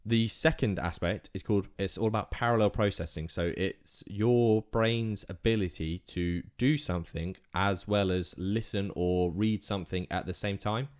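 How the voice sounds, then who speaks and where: Chatty man with a lowish voice. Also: normal speed, hardly any pauses. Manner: chatty, rambling, laughs often. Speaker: podcast co-host. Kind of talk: casual chat.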